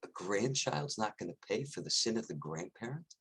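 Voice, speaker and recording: A man playing a crafty coyote in a told fable who is always a step ahead. He talks in a coaxing, persuasive way. The voice is husky and lively, leaping up in pitch. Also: normal speed, exaggerated voice. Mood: smug. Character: sly wily male coyote.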